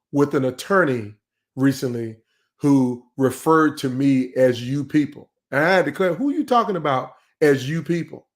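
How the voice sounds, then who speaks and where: A middle-aged man hosting a live online leadership session, speaking in a conversational, emphatic way and often repeating words as he goes. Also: a little high.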